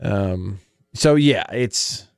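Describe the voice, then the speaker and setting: A man's voice: on the low side, expressive, extremely slow, vocal fry, clean tone, dry recording. Chatty male talk radio host, dry studio sound. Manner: rambling, chatty, self-interrupting. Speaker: radio sports show host. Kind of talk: talk radio chat with live ad reads.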